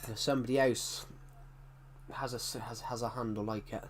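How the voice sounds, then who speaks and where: A man's voice: mid-range voice, steady tone, moderate pace, slight background noise. A man chatting casually on a live stream, rambling and correcting himself, with a tickly throat that keeps him coughing.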